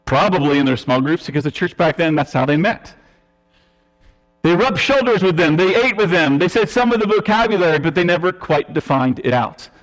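Man preaching, fairly high voice, emphatic teaching tone, long church reverb. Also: expressive, a little fast. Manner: teaching, emphatic, with self-deprecating asides. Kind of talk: sermon. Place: church sanctuary.

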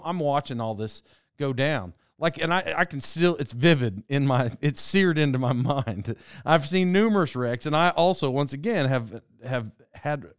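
Young man, casual storytelling, smooth clear voice, dry close sound, rambling, chuckles. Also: a little high, dry recording.

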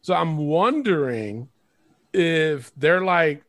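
A man hosting a casual wrestling podcast over a remote call, talking in an animated, profane, playful way. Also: sits high, moderate pace, creaky, no room sound. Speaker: podcast host.

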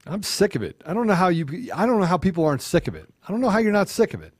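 A man's voice: high voice, big pitch swings, racing, husky, no room sound, clean studio sound. A man co-hosting a talk show, speaking with fervent, repetitive emphasis that builds to anger. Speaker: co-host.

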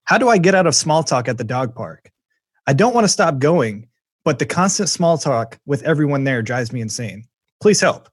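A man's voice: mid-range voice, big pitch swings, moderate pace, breathy edge, no room sound, clean studio sound. A man hosting a casual podcast chat, joking and often restarting his sentences. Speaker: podcast host.

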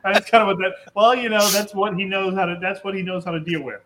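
A man co-hosting a podcast in a slightly high, bright voice. His remarks are dry and wry, with a faint hiss running underneath the recording. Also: fairly even intonation, fast. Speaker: podcast co-host. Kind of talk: casual chat.

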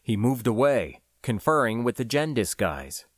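A man narrating a novel in the first person, his pitch moving lively through each sentence while the pace stays measured. The voice sits at an ordinary male pitch. The recording is dry and close, with no room sound. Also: dry recording. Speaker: audiobook narrator.

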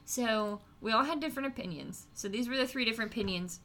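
A chatty woman co-hosting a relaxed podcast, with a bright, clear voice. She talks in a teasing way and laughs easily while she sets up a story. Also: fairly high pitch, fast, slight background noise. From West Virginia, USA. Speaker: podcast co-host. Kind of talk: casual podcast chat, storytelling.

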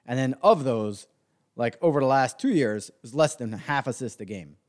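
A man hosts a sports podcast in a ranting monologue. He is sarcastic and profane, full of fillers, and his pitch swings widely as he works himself up. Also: animated, moderate pace, a little mellow. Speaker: podcast host.

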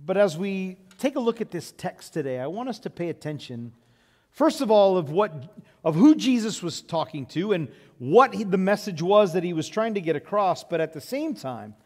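A man preaching a sermon as pastor, telling stories conversationally with frequent fillers, in a large church sanctuary. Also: fairly high pitch. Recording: long reverb of a church hall.

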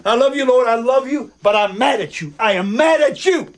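Desperate praying man in film clip, pleading, very high strained voice. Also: expressive, moderate pace. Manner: pleading, raw, shouting then muttering. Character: anguished middle-aged man praying, yelling at God.

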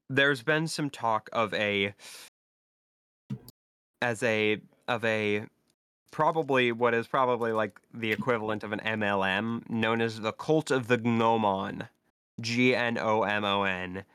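Slow, low-voiced male game master. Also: bright, forceful tone, clean tone, no room sound, clean studio sound. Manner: halting, filler-heavy narration. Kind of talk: narrating a tabletop game.

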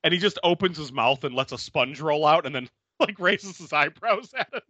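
A man hosting a podcast, casually recapping a horror film with animated storytelling and frequent laughter. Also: a little high, normal speed, no echo, dull audio. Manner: animated storyteller, acting out quotes and laughing often. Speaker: podcast host. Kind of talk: casual movie recap chat.

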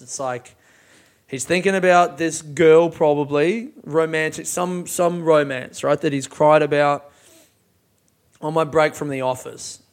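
A man's voice: fairly high pitch, slow pace. A young man casually breaking down song lyrics, swearing freely and laughing often as he talks. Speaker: music reviewer.

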